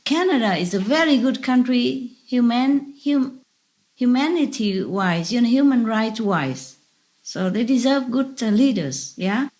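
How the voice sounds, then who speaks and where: A woman spiritual teacher tells stories casually over a video call, her phrasing broken, halting, non-native and repetitive, with frequent laughs. Her voice is fairly high with lively intonation and a darkish tone, and there's no echo.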